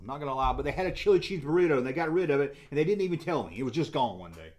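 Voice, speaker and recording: A man's voice: medium pitch, brisk. Southern guy, middle-aged, rambling chatty livestream reading comments, jokey, voice swings all over. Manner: rambling, jokey, gets loudly excited. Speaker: toy collector channel host. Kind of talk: casual livestream chat, reading viewer comments.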